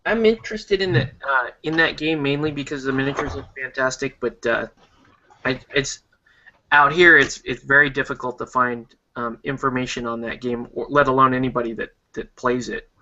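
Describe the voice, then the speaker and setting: Bright-toned man in hesitant casual chat. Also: medium pitch, fairly even intonation, moderate pace. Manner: hesitant, frequent ums. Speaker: podcast co-host. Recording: dull lo-fi sound.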